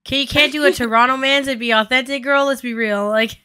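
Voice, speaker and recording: A woman co-hosting a casual commentary chat, jumping in with quick remarks and laughing asides. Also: sits high, fairly even intonation, bright, forceful tone, clear, resonant tone. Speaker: podcast co-host.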